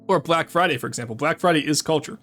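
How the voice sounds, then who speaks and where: A man's voice: fairly high pitch, quick pace, a bit bright, faint music behind. A man streaming a game, chatting in rambling rants full of restarts. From Canada. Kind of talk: casual live gameplay chat.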